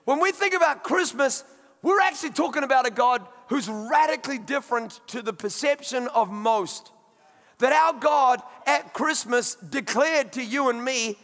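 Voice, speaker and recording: A pastor preaching a sermon in a conversational, emphatic way, with friendly asides. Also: male voice, very high-pitched, normal speed, a bit bright, in a large hall.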